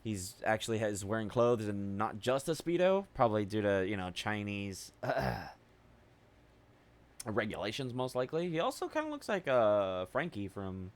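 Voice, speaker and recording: A man's voice: on the low side, big pitch swings, normal speed. Rambling man commenting on a game. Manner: rambling, musing aloud with loose fillers; offhand swearing. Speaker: gaming video creator.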